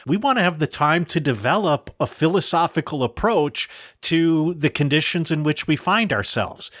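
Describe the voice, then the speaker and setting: A man's voice: a little high, animated, normal speed, a bit bright, no echo. A man co-hosting a philosophy podcast talks things through in a reflective, explanatory way. He keeps posing rhetorical questions. His slightly raised voice sounds close and dry, with no room around it. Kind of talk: casual philosophical discussion.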